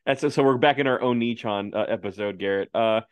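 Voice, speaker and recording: A man's voice: fairly low pitch, clean tone, no echo. A man co-hosting a casual podcast chat, joking and giggling often as he talks. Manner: giggly, jokey, quick asides. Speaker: podcast co-host.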